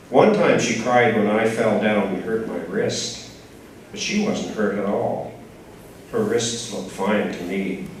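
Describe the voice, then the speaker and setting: A man reading his own short story aloud at a writers' group, in a measured, plain storytelling manner. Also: lowish voice. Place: writers' group reading, large echoey room. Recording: very echoey room, from far off, faint noise.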